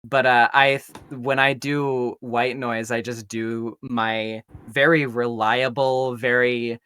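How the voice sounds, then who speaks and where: A man's voice: medium pitch, little pitch movement, takes it slowly, sharp tone, clean tone. Rambling man hosting a livestream. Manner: rambling, hesitant, many fillers and asides. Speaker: stream host, voice actor of the project. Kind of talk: casual chat on a charity livestream.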